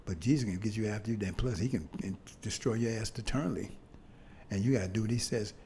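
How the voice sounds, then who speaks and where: Over a faint hum, a preacher with a fairly low, warm and mellow voice talks through his sermon conversationally. He keeps checking in with a "see?", stumbling into restarts before driving his points home with sudden emphasis.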